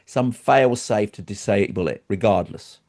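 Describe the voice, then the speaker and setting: Low-voiced podcast co-host, really expressive, pitch jumps all over. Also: male voice, unhurried. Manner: expressive, swings his pitch up and down. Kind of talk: casual podcast discussion.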